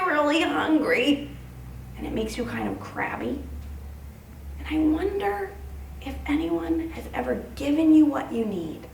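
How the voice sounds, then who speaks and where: A woman pastor giving a sing-song, animated children's sermon to preschoolers in a church. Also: high-pitched, creaky, reverberant, distant mic, a little hiss or hum, rough recording.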